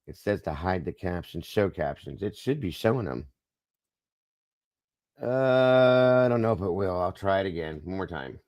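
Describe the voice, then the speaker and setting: A man's voice: low-pitched, animated, moderate pace, dry recording, dull audio. A man hosting a casual live-stream discussion, musing aloud and talking straight to viewers in the chat. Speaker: livestream host.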